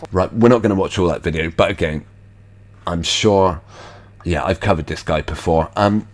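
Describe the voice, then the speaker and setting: The host of an online show talks over video clips in a low voice at normal speed. His remarks are skeptical and meandering, full of filler words and side comments.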